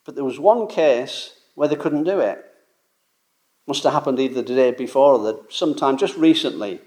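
A man preaching a sermon, with an emphatic delivery that swells and drops in loudness to stress his points. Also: medium pitch, moderate pace.

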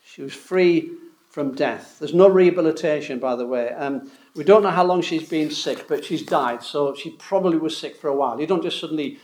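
A man's voice: on the high side, brisk, a little mellow. A man preaching a sermon in an earnest, explanatory way, often restarting words, in a church hall. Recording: roomy echo.

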